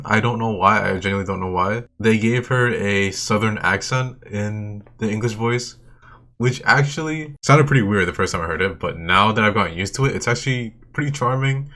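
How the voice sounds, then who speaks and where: A man's voice: lowish voice, a bit bright. A young man hosting a video with enthusiastic casual commentary, swearing often and repeating himself as he talks. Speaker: video host. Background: faint game music.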